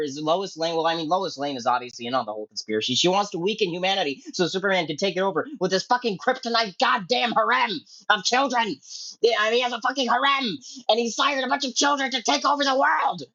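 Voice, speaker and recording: Man, comedic angry rant, profane, explosive outbursts, muttering then yelling, muffled lo-fi audio. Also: sits high, fast. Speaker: online commentator.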